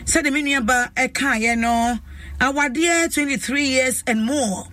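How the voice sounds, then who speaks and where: A woman's voice: high-pitched, slow, sharp tone, far from the mic. A woman with a Ghanaian accent hosting a talk show, effusive and emphatic, stretching out her phrases. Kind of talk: lively talk show chat. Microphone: studio microphone.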